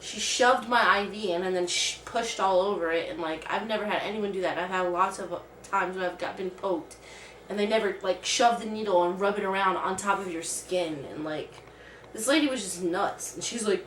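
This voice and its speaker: A woman's voice: mid-range voice, moderate pace, fairly bright tone, slight background noise. Rambling woman on a distant mic. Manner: rambling, heavy use of "like". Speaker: vlogger. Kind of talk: casual personal storytelling. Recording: roomy sound from a distant mic.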